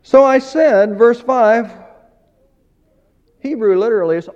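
A man preaching a sermon, his voice high and mellow, swelling emphatically and then dropping low. The sound is dull and lo-fi, with a long reverb trailing through the church hall. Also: takes it slowly, long pauses. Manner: emphatic preaching, rising and falling in volume. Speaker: pastor.

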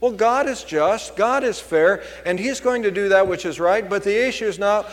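A man's voice: sits high, moderate pace, few pauses, in a large hall. A man preaching a sermon as pastor, driving points home with emphatic repetition.

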